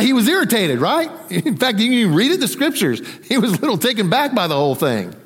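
A man preaching a sermon, conversational and animated, acting out the voices in the story. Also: sits high, big-room sound. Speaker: pastor.

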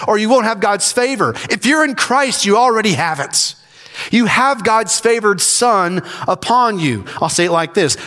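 A man's voice: sits high, fairly bright tone, big-room sound. A man, a senior pastor, preaching a sermon earnestly and repeating key phrases for emphasis.

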